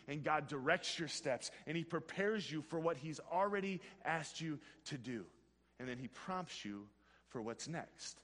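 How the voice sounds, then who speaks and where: A man giving an earnest devotional talk, telling a personal story, with delivery that swings between hushed and excited. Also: fairly high pitch, unhurried, long reverb tail. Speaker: speaker at a Christian health ministry.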